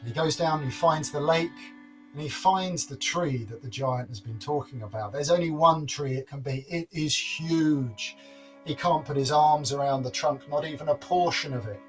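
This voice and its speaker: A man's voice: fairly high pitch, normal speed, soft background music. A man telling a folk tale aloud in a playful, repetitive storytelling manner.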